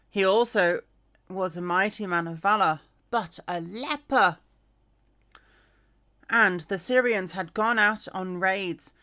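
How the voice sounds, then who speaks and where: Slow-reading woman with chatty asides. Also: medium pitch, pushed and bright. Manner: chatty asides, fillers and self-corrections. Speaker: reader. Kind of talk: casual Bible reading aloud.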